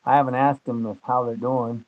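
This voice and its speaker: A man's voice: mid-range voice, flat delivery, brisk, no room sound. An older man, chatting in a rambling, folksy way as host of a homesteading channel. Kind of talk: casual chat. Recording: dull lo-fi sound, faint noise.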